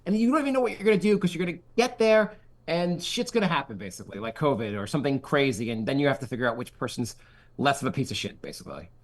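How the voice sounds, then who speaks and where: A man's voice: mid-range voice, fast. A middle-aged man hosting a casual comedy podcast, telling stories and acting out the voices of people he quotes. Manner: animated, acts out quoted voices. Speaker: podcast host.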